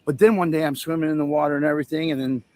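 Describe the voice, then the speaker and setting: A man's voice: a little high, fairly even intonation, very fast, darkish tone. Profane, rambling male livestream host. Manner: profane, rambling storyteller who laughs at his own jokes. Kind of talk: casual rambling chat. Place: outdoor event setup with a tent.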